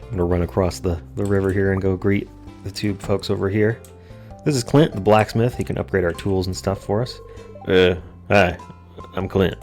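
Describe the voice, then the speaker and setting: Deep-voiced male let's play host, casual and jokey, faint music under him. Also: steady tone, a little fast, darkish tone. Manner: jokey, self-deprecating asides. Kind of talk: casual gameplay commentary.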